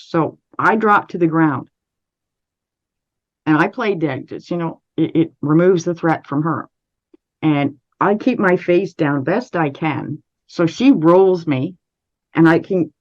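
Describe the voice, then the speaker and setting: Canadian woman telling a story over lo-fi audio. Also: sits low. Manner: measured and steady, with frequent restarts. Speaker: interview guest. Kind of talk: recounting a personal story.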